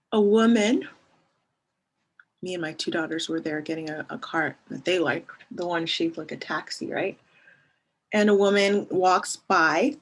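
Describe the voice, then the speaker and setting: A woman's voice: on the low side, a little hiss or hum. A woman in her thirties talking casually in a beauty review, chatty and digressive, often laughing and reading product labels aloud. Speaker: beauty vlogger reviewing a face mask.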